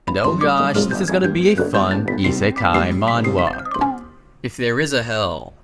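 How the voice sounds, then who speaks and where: A man narrating a comic story recap in a casual, chatty way, breaking in with excited asides. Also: mid-range voice.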